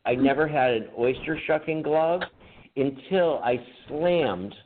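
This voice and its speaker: Laughing as he talks, a male podcast co-host wanders through a crude story in casual conversation. He sounds animated and a little slow in a mid-range voice, over a tinny, phone-like connection with faint hiss.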